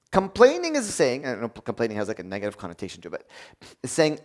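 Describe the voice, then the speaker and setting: A man delivering a sermon with a lively, swooping delivery that sits a touch high for a male voice. He acts out quick back-and-forth dialogues and jokes with the congregation. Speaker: preacher.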